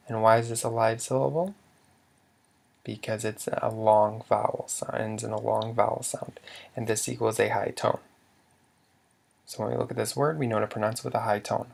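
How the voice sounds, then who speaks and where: Gravelly man teaching step by step. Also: fairly low pitch, steady tone, normal speed. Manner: patient, step-by-step explaining with fillers. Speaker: language teacher. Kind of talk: explanatory lesson.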